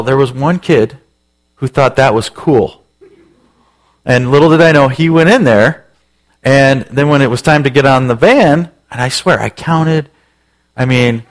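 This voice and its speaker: A man in his forties, a pastor telling a self-mocking story in a sermon, acting out voices with lots of energy. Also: medium pitch.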